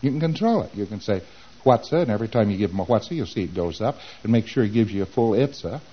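Man lecturing on a dull old tape. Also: lowish voice. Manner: animated, acts out exchanges with quick mumbled asides. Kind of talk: recorded lecture.

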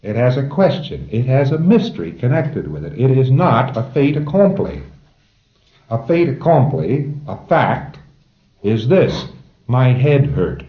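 A man's voice: mid-range voice, big pitch swings, measured pace, echoey room, highs cut off. A man giving an informal lecture to a class of trainees, emphatic and wry, chuckling at his own jokes.

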